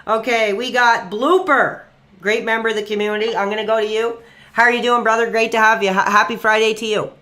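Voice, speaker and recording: A man's voice: high voice, fairly even intonation, brisk, sharp tone. A young man streaming live and taking calls, rambling with fillers and flaring into angry rants at trolls. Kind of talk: live stream call-in chat.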